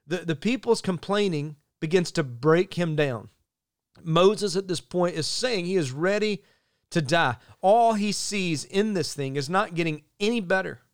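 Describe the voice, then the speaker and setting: A man delivers a sermon in an earnest, measured way, leaning on key phrases by slowing down. His voice sits a little high for a man and comes across smooth and resonant. The sound is dry, with no room around it. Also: expressive, no room sound. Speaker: pastor.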